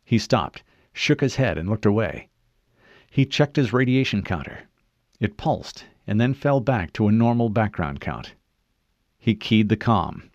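A man narrating an audiobook in an expressive storytelling manner. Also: lowish voice, a little slow, dry recording, dull audio.

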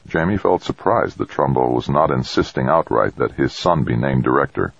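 Very deep, gravelly male narrator. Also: lively intonation, moderate pace, few pauses, dry recording. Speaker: audiobook narrator. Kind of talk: audiobook narration. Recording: dull dry lo-fi recording.

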